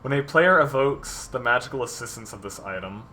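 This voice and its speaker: Bright-voiced man streaming game prep. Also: mid-range voice, animated, brisk, slight background noise. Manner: rambling, many ums, reads viewer submissions aloud. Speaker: dungeon master streamer. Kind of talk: casual livestream chat while designing game content.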